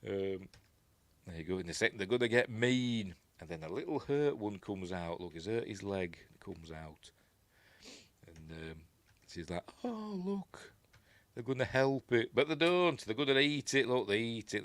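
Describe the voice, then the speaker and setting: A man's voice: on the low side, lively intonation, normal speed, a bit bright, no room sound. A man with a Yorkshire accent hosting a casual film commentary, rambling and chuckling as he corrects himself. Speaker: host.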